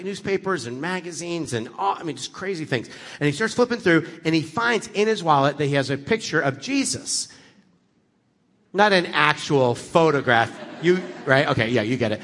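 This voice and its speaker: Bright-voiced man preaching a story sermon. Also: fairly high pitch, brisk, in a large hall. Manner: lively storytelling with acted-out dialogue. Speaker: guest preacher.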